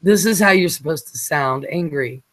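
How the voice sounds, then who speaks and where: Guy hosting a late night chat, kinda high voice, rambles on with lots of ums. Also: a bit bright. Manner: rambling, chatty, halting with fillers. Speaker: show host.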